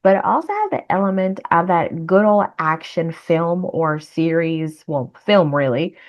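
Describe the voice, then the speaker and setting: A woman's voice: on the low side, expressive, unhurried. Chatty woman with a dull lo-fi sound. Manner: chatty, laughs between thoughts, rambling asides. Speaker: reaction video host. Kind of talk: casual chat.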